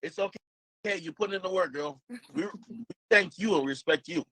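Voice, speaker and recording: A man's voice: high voice, expressive, normal speed, a bit bright, breathy edge, no room sound. A man, hosting a livestream and hyping up his guest in easygoing casual chat. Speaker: livestream host.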